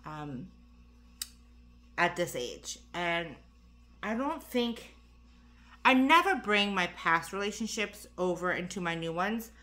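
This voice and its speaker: A woman's voice: fairly low pitch, expressive, measured pace, sharp tone. A tired, slightly breathless woman chatting casually through a makeup tutorial, rambling with lots of fillers and asides. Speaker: beauty vlogger.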